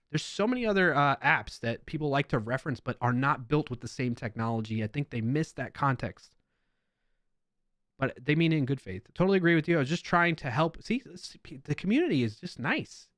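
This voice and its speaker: A man's voice: medium pitch, fairly bright tone, no room sound, clean studio sound. Chatty New York man live-streaming. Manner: chatty, reads comments with playful emphasis and laughs. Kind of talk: casual live-stream commentary reading comments aloud.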